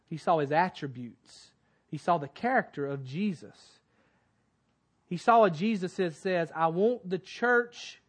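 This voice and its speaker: A man preaching a sermon, building to emphatic peaks and dropping low and quiet in turn. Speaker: pastor.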